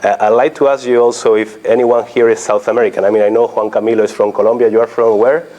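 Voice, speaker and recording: A man's voice: on the low side, flat delivery, fast, mellow. A man in his thirties giving a conversational academic lecture, asking the audience questions. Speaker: guest lecturer.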